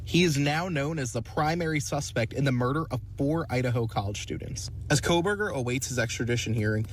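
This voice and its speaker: A male TV reporter broadcasts live from an outdoor scene with a steady, crisp delivery. He has a mid-range voice, talks a little fast, and a faint hiss or hum is audible.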